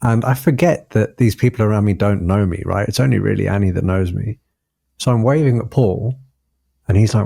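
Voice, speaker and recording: Gravelly low man telling a story. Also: a little fast, no room sound, clean studio sound. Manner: animated storyteller, laughs often. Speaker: podcast co-host. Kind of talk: casual storytelling chat.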